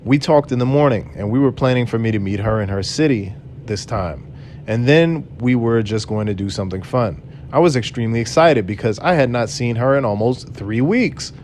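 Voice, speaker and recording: A man's voice: mid-range voice, animated, moderate pace, darkish tone, slight background noise. Earnest man telling a personal story. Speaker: channel host telling his own story. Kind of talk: personal storytelling read aloud.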